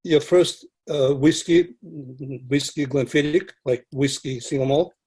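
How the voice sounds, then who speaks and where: Halting non-native man, slightly higher voice. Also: fairly even intonation, a little mellow, slightly rough. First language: not English. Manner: halting, with frequent restarts and filler. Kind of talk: casual conversation.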